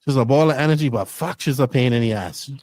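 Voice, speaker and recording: A middle-aged man hosting a podcast, chatting casually and telling stories in an animated way, swearing freely. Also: mid-range voice, quick pace, no room sound. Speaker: podcast host. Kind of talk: casual chat.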